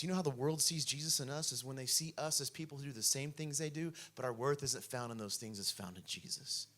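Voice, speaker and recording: A man's voice: medium pitch, fairly bright tone. A young man preaching a sermon, telling a story in a casual way full of "like" before building to impassioned preaching. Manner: casual, peppered with "like". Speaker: pastor.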